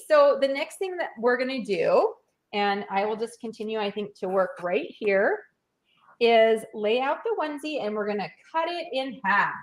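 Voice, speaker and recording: A woman's voice: on the high side, a bit bright. A woman giving a live sewing and craft demonstration, chatting through each step with lots of fillers.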